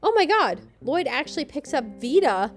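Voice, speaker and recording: A woman with a somewhat high voice co-hosts a podcast and tears through a TV episode with sarcastic jokes. Faint music plays under her talk. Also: sing-song, normal speed. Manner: sarcastic, snarky commentary. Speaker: podcast co-host. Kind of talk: comedic episode recap.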